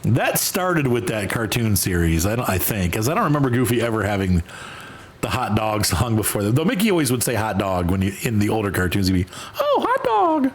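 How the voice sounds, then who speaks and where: A man's voice: lowish voice, very animated, brisk. A man hosting a game stream, chatting casually and rambling between tasks, sometimes jumping into exaggerated voices. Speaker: gaming streamer host. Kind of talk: casual chat while playing a game.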